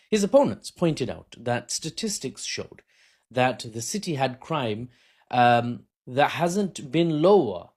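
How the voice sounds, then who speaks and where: A man's voice: medium pitch, slightly rough. A man talking into his phone camera, casually explaining politics in an unscripted, self-mocking way with frequent laughs. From Britain. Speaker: political commentator.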